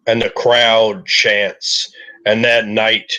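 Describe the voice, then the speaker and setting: A man narrating a tabletop game as loud, swearing wrestling play-by-play, as game master. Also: on the low side, level tone, drawn-out words, low-quality recording.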